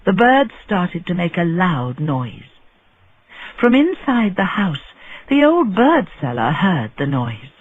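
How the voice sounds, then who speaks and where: A man reads a story aloud in slow, deliberate narration for English learners. His voice is husky and lively in pitch. The recording is dry and thin, like over a phone line. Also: dry recording. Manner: clear, deliberate phrasing.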